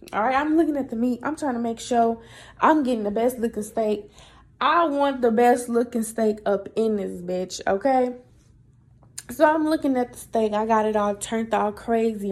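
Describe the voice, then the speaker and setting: High, gravelly woman podcaster, profane storyteller. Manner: animated, profane, chatty. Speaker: podcast host. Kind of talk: casual storytelling monologue.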